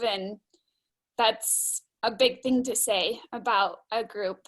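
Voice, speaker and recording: A woman's voice: a little high, steady tone, moderate pace, fairly bright tone. A woman yoga graduate giving an emotional farewell speech over a video call, sighing as she tells a story.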